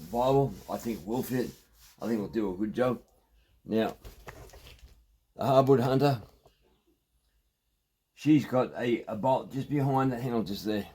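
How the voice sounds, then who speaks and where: An Australian man talking casually in his shed about chainsaw repairs, rambling and halting, with plenty of ums and restarts. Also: fairly low pitch, warm tone, husky. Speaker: chainsaw vlogger. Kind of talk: casual workshop vlog. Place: home shed.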